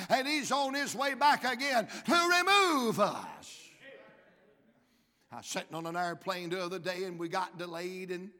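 Southern preacher from Georgia, man, bright high voice, comic stories rising to shouts, big hall reverb. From Georgia, USA. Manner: humorous storytelling building to shouted climaxes. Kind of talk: sermon.

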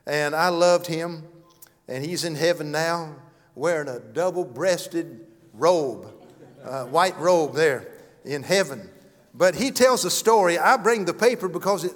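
A man preaching a sermon and telling stories, earnest, swinging from loud to hushed. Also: high voice. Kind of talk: sermon with storytelling. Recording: long hall reverb.

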